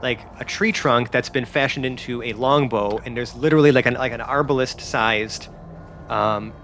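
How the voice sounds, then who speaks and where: A man running a tabletop game, describing the scene in a loose, filler-heavy way. His pitch is ordinary, and a light hiss of noise sits under the voice. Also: moderate pace, a bit bright. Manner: rambling, many fillers. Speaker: game master.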